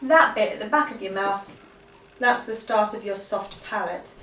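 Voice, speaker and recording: A woman teaching vocal exercises in a relaxed, chatty way, with frequent ums. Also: mid-range voice, normal speed. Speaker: singing teacher. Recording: echoey room, voice a bit far from mic.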